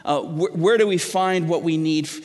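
A man's voice: fairly high pitch, moderate pace, a little mellow. A middle-aged man, a pastor, preaching earnestly to a congregation, stumbling over restarts and asking the people questions. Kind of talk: sermon. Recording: long hall reverb.

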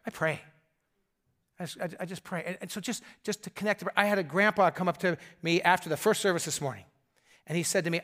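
Older pastor with a bright high voice. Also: male voice, brisk, long pauses. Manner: conversational, drops to soft intimate tones. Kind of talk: sermon with storytelling.

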